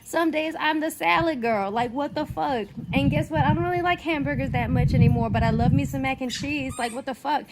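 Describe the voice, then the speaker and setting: A young woman content creator in an animated, exasperated rant, emphatic and swearing often. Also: high voice, fairly quick, few pauses, heavy background noise.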